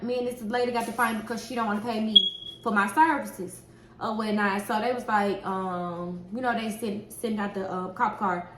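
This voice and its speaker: A woman who works as a nail technician telling a story in a casual, animated way, swearing often and acting out what people said. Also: a little high. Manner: animated, profane, acts out quoted dialogue. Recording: echoey room with faint noise.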